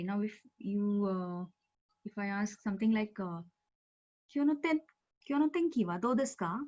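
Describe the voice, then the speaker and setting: A woman's voice: mid-range voice, warm tone. A woman teaching an online language class, explaining patiently with many fillers over a video call. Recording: dull, muffled video-call audio.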